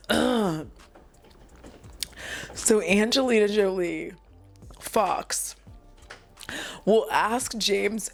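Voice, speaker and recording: A woman's voice: mid-range voice, slow pace, gravelly, long pauses, faint music behind. A woman at home casually recapping a movie, giggling and chuckling her way through it with apologetic asides. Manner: giggly, keeps breaking into laughter mid-sentence; self-deprecating, apologetic asides.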